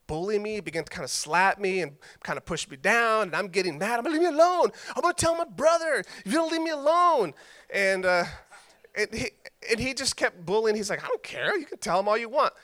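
A man's voice: high voice, fairly bright tone. A man preaching a sermon as pastor, conversational and joking as he tells stories.

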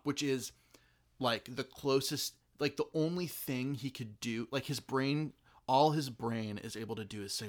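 Brief: man, casual film talk, mid pitch, restless and digressive delivery. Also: a little slow. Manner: rambling, many fillers and restarts.

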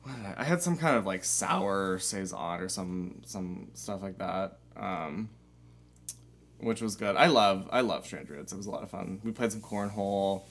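A man's voice: low-pitched, moderate pace. A young man co-hosting a podcast, telling stories casually with lots of fillers and the odd swear word. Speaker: podcast co-host. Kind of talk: casual chat.

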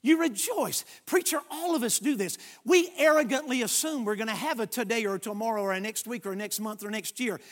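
A man delivers a sermon, and his voice sits unusually high. He preaches emphatically, swinging from hushed, quiet passages to loud, ringing ones as he reads scripture and tells stories. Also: fairly quick, hardly any pauses. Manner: dramatic storytelling, emphatic, shifts between hushed and loud.

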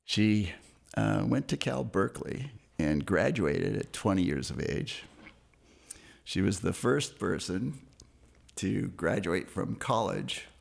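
An older man calmly telling a story about his family. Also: deep voice, creaky. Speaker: caller sharing a tribute. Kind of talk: casual storytelling.

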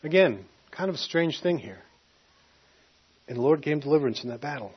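A man's voice: on the high side, lively intonation, fairly quick, slightly rough. A man preaching a sermon, retelling a scripture story casually and acting out the quotes. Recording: dull lo-fi recording.

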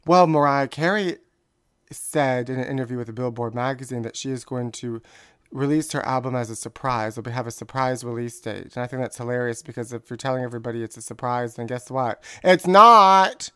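A man's voice: medium pitch, fairly even intonation, fairly quick, clear, resonant tone, dry recording, studio quality. A man co-hosting a comedy show, chatting in a sassy, gossipy way. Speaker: co-host. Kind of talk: casual comedy chat.

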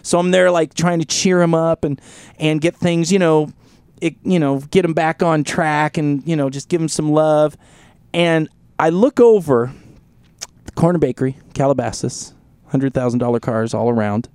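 A man with a fairly high voice tells a rambling, profane story in a casual podcast chat. The sound is close and dry on a studio mic. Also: normal speed, darkish tone, clear, resonant tone, dry recording. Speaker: podcast host.

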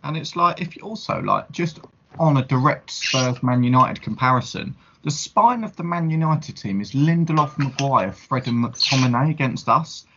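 A man's voice: medium pitch, animated, normal speed, a bit bright, lo-fi sound, a little hiss or hum. A man co-hosting a casual football podcast, talking in an emphatic, rambling way with many restarts. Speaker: podcast co-host. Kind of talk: casual chat.

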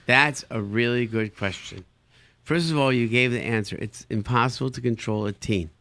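Brief: male therapist hosting an advice talk, animated, mid-pitched, dry close sound. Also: moderate pace, no echo. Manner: animated, acts out incredulous reactions with sudden jumps in pitch; sprinkles Yiddish words into his talk. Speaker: therapist giving parenting advice. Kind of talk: advice talk answering listener questions.

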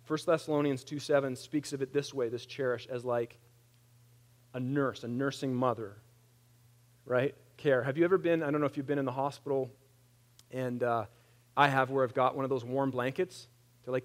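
A man in his thirties preaching a conversational sermon, animated and plain-spoken, with wry humor. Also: mid-range voice, brisk. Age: 30s. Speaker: pastor.

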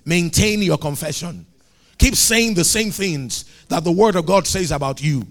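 Guy preaching, high voice, swings all over the place, kinda gravelly, shouts the big lines. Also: normal speed. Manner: animated preaching with shouted climaxes and acted dialogue. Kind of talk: sermon.

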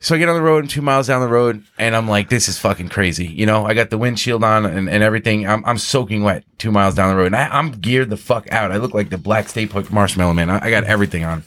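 A man's voice: lowish voice, quick pace, few pauses, a bit bright, no echo. A man telling a long, rambling, profanity-filled story on a casual podcast. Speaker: podcast co-host.

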